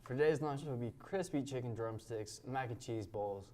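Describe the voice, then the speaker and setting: A man's voice: mid-range voice, moderate pace, darkish tone. A man reading news items and the lunch menu in a plain read-aloud manner. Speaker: news anchor.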